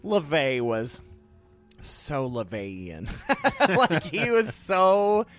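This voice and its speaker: A man co-hosting a casual podcast, telling stories in a rambling, animated way with frequent laughs. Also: a little high, very slow, faint music behind. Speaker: podcast co-host. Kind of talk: casual chat.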